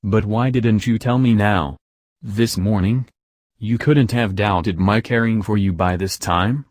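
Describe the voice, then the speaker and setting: A man's voice: lowish voice, measured pace, a little mellow, dry recording, clean studio sound. A man reading the lines of a spirited young woman in a plain, lightly teasing way. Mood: questioning.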